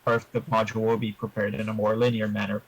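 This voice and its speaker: Husky-voiced man explaining his game. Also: fairly low pitch, completely flat delivery, poor audio. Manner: measured, explanatory, advice-giving. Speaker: interview guest, tabletop player. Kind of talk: interview answers.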